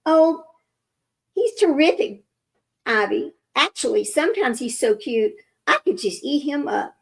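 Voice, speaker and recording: A woman reading aloud, voicing a manipulative woman who poses as a caring doctor, weary and falsely modest, in a slightly raised, gravelly voice. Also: high voice, big pitch swings, a little slow, heavily acted, rough recording. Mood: weary sentimental.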